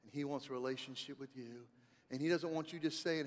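A man preaching a sermon as a pastor, animated, moving from loud emphasis to soft, close tones. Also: a little high, fairly quick, in a large hall.

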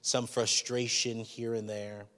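A man's voice: mid-range voice, little pitch movement, takes it slowly, fairly bright tone, long reverb tail. A man preaching a sermon as a pastor, speaking in a candid, conversational and personal way.

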